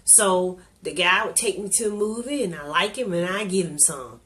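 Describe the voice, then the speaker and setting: A woman's voice: on the low side, normal speed, fairly bright tone. A woman sharing a personal testimony in candid, conversational storytelling, earnest and openly emotional.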